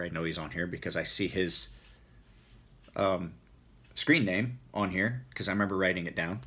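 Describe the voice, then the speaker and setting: Country-accented man, middle-aged, husky and bright tone, rambling casual Q&A talk. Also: on the low side. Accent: rural American country accent. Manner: rambling, relaxed, self-correcting. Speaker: knife maker answering viewer questions. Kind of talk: casual Q&A video.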